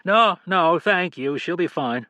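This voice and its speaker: A guarded male cyclist, voiced by a male audiobook narrator, answers a stranger in a pitched-up, tense voice that keeps its replies short. He sounds eager to end the exchange. The recording is dry and close. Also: animated, unhurried, bright, forceful tone, dry recording, full character voice.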